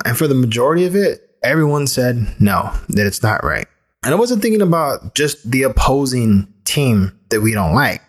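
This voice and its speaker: A man in his thirties talks straight into the mic in a loose, candid monologue. He rambles a little and restarts his sentences, speaking at an everyday middle pitch as a podcast host. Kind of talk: casual personal monologue.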